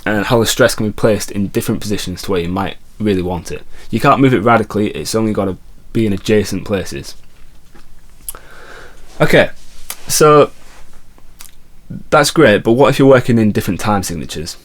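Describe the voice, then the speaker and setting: A man teaches songwriting in a relaxed, explanatory way, stopping now and then to count beats aloud. His voice sits a little low. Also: moderate pace. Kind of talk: online music lesson.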